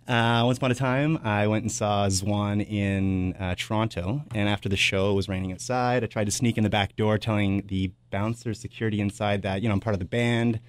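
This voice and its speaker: A man's voice: lowish voice, steady tone, brisk, few pauses. A man in his thirties, a radio host telling casual, rambling stories on air with lots of filler words. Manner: rambling and anecdotal, full of "uh" and "blah, blah".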